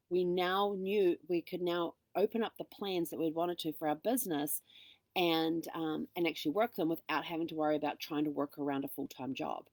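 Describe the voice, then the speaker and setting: Middle-aged female host, low voice, dry close sound, animated storyteller who acts out dialogue. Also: no room sound. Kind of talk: casual storytelling monologue.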